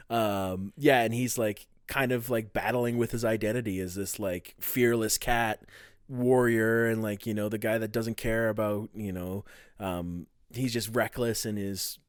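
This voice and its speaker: A man's voice: fairly low pitch, no echo, studio quality. A young man co-hosting a podcast in loose, casual chat, cursing freely and laughing between lines. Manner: laid-back, swears often, laughs between lines. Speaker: podcast co-host.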